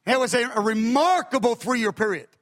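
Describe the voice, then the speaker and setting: Older male preacher, very high bright voice, emphatic storyteller, echoey hall. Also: expressive, normal speed. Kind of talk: sermon.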